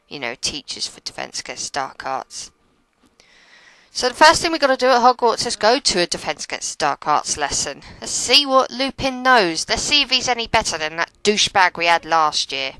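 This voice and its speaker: A woman's voice: low-pitched, pushed and bright, no room sound, rough recording. A young woman giving chatty, sarcastic gameplay commentary and laughing often. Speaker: let's play commentator.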